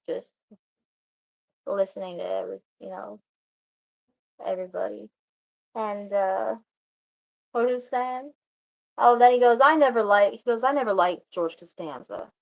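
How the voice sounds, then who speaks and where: A woman's voice: mid-range voice, creaky, dull audio. A woman vlogger telling a rambling story in casual chat, restarting often and quoting what others said. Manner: rambling, restarts, quotes others in quick asides.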